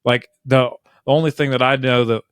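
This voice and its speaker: A man's voice: medium pitch, fairly even intonation, fairly quick, clear, resonant tone, no room sound, clean studio sound. Rambling man co-host from Ohio. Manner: rambling storyteller, many fillers like "like". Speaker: podcast co-host. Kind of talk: casual conversation.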